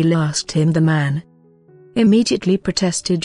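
A narrator reading a translated fantasy story recap in an even, steady way. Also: mid-range voice, measured pace, soft background music.

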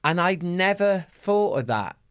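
Animated Welsh man telling a story. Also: sits high, measured pace, clear, resonant tone. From Wales. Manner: animated storyteller, acts out quoted voices, frequent restarts. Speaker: guest, athlete. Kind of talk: casual interview storytelling.

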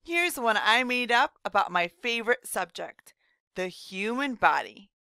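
A woman voicing a cheerful rhyming woman children's doctor, explaining slowly and gently to young children in a scripted read-aloud lesson. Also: fairly high pitch, lively intonation, vocal fry, smooth, dry recording, studio quality, heavily acted. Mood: friendly.

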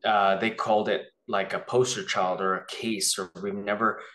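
A man telling a personal story as an interview guest, rambling and animated, acting out the voices he quotes. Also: on the low side, normal speed, reverberant.

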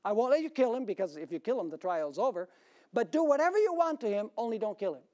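Preacher voicing God, proud and calm. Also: male voice, high voice, quick pace. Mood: commanding.

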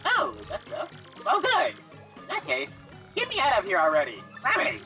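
A woman's voice: high-pitched, huge pitch swings, moderate pace, faint music behind, pitched above the performer's own voice, full character voice. A woman voicing a cranky old female creature elder who scolds and barks orders. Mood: grumpy. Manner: bossy, scolding, shouting orders.

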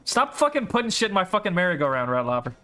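A young man playing a game with a friend, chatting casually, swearing and yelling in mock outrage. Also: high-pitched, sing-song. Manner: loud, swearing, quick to yell in mock outrage. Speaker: gaming channel host. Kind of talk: casual co-op gameplay banter.

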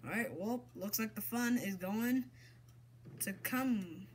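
A woman commentating her own gameplay, excitable and exasperated, swapping in mild minced oaths. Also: medium pitch, takes it slowly, slight background noise. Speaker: gamer.

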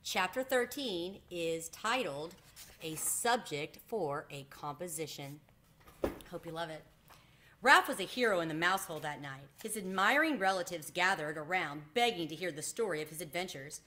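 Woman, read-aloud host, children's book narration, expressive, lower pitch.

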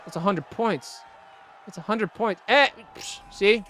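A young man hosting a gaming video, giving excitable, jokey let's-play commentary and laughing often. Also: high voice, measured pace, slight background noise. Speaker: gaming channel host.

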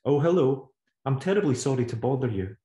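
A man's voice: medium pitch, moderate pace, mellow, pitched above the performer's own voice, close to an everyday voice. A man voicing an anxious young boy who speaks with stiff, over-formal politeness, in a roomy recording. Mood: nervous politeness. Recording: roomy echo.

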